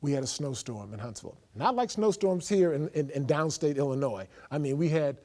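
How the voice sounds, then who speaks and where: A man with a fairly high voice recounts his testimony as an animated story. He acts out both sides of a conversation, swinging between loud outbursts and hushed, quiet lines. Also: a little fast. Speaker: guest sharing his testimony.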